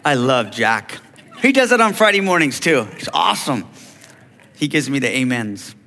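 A man's voice: medium pitch, big pitch swings, moderate pace, sharp tone, slight background noise. A man preaching a sermon, acting out biblical dialogue and calling to the congregation for amens. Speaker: pastor. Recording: long hall reverb.

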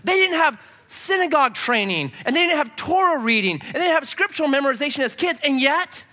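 A man's voice: extremely high pitch, fast. A man preaching a sermon, acting out scenes as he tells a story. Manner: animated storytelling, acts out scenes in voices. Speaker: pastor.

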